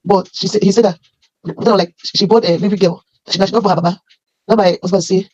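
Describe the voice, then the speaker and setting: A woman with a Nigerian accent telling her life story as emotional personal testimony, halting and often repeating her phrases. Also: mid-range voice, steady tone, darkish tone, no room sound, dull audio.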